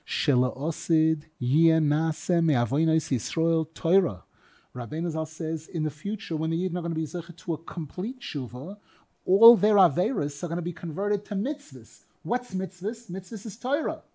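A man teaching a Torah class. He reads each phrase of the text in a chanting tone, then explains it with animated rhetorical questions. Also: a little high, moderate pace.

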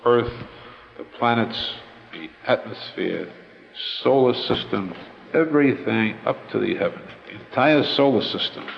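A man giving a Torah lecture as a rabbi, explaining slowly with many pauses and restatements. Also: mid-range voice, creaky, long reverb tail, lo-fi sound, slight background noise.

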